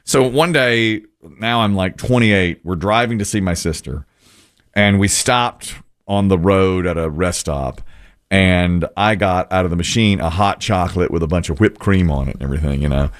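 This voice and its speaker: A man's voice: low-pitched, normal speed. A middle-aged man hosting a casual podcast chat, chatty and telling stories. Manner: chatty storyteller, lively and animated. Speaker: podcast host.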